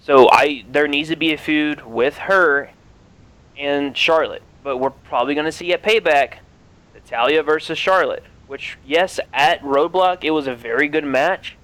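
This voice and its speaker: Male co-host, slightly higher voice; blunt, opinionated, profane. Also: moderate pace, a bit bright, low-quality recording. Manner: blunt, opinionated, swears freely. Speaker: podcast co-host. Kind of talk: casual chat.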